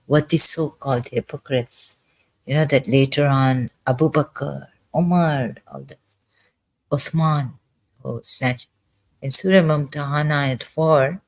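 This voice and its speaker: A man commenting on scripture verses as he reads them aloud. He sounds agitated and halting, and thinks aloud as he goes. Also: medium pitch, low-quality recording. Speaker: ex-Muslim commentator.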